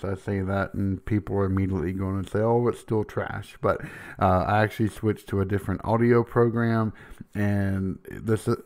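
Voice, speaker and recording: A man's voice: lowish voice, darkish tone. A man hosting a podcast, self-deprecating and hesitant, with many fillers. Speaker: podcast host. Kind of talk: casual podcast talk.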